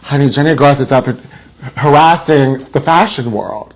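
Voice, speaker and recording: A man's voice: medium pitch, moderate pace. A man hosting a live celebrity gossip show, theatrical and mock-frightened, calling his viewers honey. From Los Angeles area.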